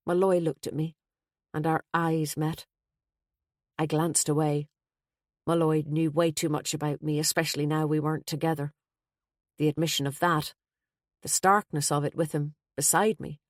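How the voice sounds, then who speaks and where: A woman reading a first-person mystery novel aloud as audiobook narrator, in a steady, measured way. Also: deep voice, no echo, clean studio sound.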